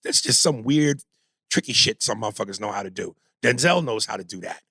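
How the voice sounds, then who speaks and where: A man co-hosting a podcast in casual chat, talking in an animated, emphatic and profane way. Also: fairly low pitch, brisk, slightly rough, no echo, studio quality. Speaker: podcast co-host.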